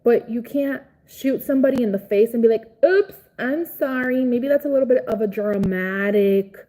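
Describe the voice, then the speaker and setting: Give me a chatty Cuban woman livestreaming, outspoken and profane, with a soft, warm tone. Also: a little high, brisk, a little hiss or hum, rough recording. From Cuba. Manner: chatty, reads and answers viewer comments. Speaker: livestream host. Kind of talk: casual livestream chat.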